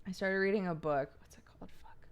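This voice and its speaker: Smooth-voiced woman streamer chatting casually. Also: medium pitch, quick pace. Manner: rambling, laughs often, swears casually. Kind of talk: casual chat.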